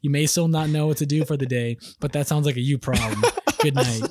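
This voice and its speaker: A young man with a slightly high voice co-hosts a casual podcast and reads out an absurd story in a deadpan delivery, laughing now and then. His voice is close and dry, with no room around it. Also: moderate pace, no room sound. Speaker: podcast co-host. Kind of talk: casual podcast chat, reading a comic story.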